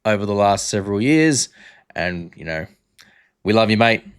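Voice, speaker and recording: A man's voice: on the low side, animated, normal speed, clean tone. A young Australian man hosting a casual music reaction chat, talking frankly and repeating phrases.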